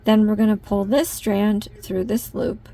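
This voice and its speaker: Woman host, casual step-by-step teaching, gravelly voice, chatty with ums. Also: mid-range voice, level tone, unhurried, dark tone. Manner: chatty, with frequent ums, addresses viewers as you guys. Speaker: crochet tutorial host.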